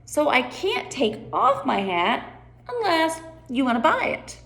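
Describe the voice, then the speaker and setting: A woman voicing a silly, rambling male hat-maker who talks slowly and playfully. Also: high-pitched, huge pitch swings, a bit bright, voice pushed up, full character voice.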